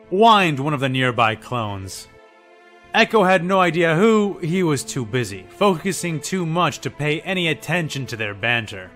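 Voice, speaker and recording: A man narrating a fan audio drama in a measured storytelling manner. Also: a little high, fairly bright tone. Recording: faint background music. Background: faint music.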